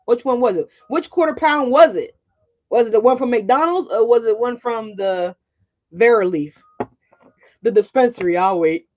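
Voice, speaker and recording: A woman's voice: on the high side, expressive, normal speed, a little mellow, lo-fi sound. A woman doing a casual tarot reading for her viewers, chatty and profane, often asking "right?". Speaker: tarot card reader.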